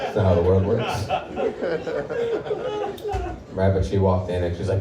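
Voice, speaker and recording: A man's voice: low-pitched, big pitch swings, unhurried, pauses often, over a noisy crowd. A man in his thirties from Portland, Oregon, performing a live stand-up comedy set with a wry, offhand, self-deprecating delivery. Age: 30s. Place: comedy club stage with live audience. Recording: roomy live club sound from a distance, audience laughter.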